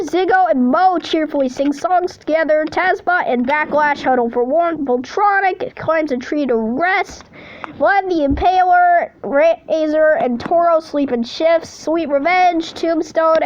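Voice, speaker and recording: High-voiced woman reading aloud playfully. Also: a little slow, lo-fi sound, a little hiss or hum. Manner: playful, cheers and jokes between readouts. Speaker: channel host. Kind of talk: reading simulator results aloud with commentary.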